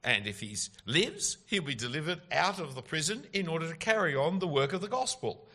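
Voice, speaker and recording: A man's voice: fairly high pitch, very animated, brisk, bright, forceful tone. A man preaching an expository sermon, emphatic and full of rhetorical questions.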